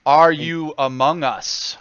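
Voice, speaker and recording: A man voicing a solemn woman mystic who leads a seance in slow, ceremonial phrases. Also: on the high side, fairly even intonation, a bit bright, clean tone, no room sound, highs cut off, soft background music.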